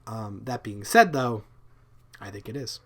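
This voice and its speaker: A man giving a casual, rambling review of cartoon episodes, halting and repeating words, with lots of ums and likes. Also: fairly low pitch, expressive. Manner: loose and informal, swears offhand. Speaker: video reviewer.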